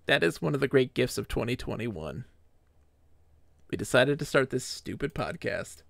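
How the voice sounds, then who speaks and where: Man, streamer, theatrical mock-grand delivery, gravelly tone, dry close sound. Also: mid-range voice, expressive, moderate pace, a bit bright, no echo. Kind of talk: dramatic reading, then casual stream chat.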